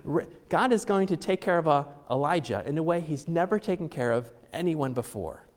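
Here the middle-aged pastor's voice runs on the high side, animated and brisk. The sermon stays conversational and chatty, peppered with jokey asides, frequent fillers and restarts, and the hall gives it a long reverb.

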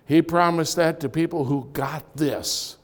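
A man preaching a sermon in church, swinging from loud punchlines to quiet, confiding asides as he tells stories. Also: a little high, measured pace. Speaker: pastor. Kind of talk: sermon with storytelling.

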